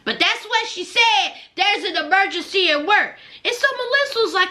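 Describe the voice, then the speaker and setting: Sassy woman w/ aave, real high bright voice, dishing on a reality show, swoops up and down a lot. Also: moderate pace, hardly any pauses. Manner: sassy, animated, addresses people on the show directly. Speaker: reality show recap commentator. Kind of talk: casual commentary recap.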